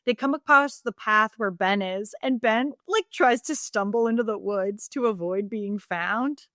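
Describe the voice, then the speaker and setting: A woman co-hosting a podcast, recapping a book in a casual, animated and joking way, with plenty of swearing. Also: on the high side, unhurried, no echo, studio quality. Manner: animated, profane, joking storyteller. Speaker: podcast co-host.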